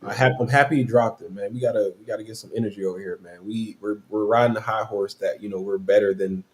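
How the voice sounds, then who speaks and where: A man's voice: on the low side, steady tone, fast. A man co-hosting a sports podcast, teasing and talking playful smack about a rivalry. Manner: playful trash talk. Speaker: podcast co-host. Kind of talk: casual sports chat.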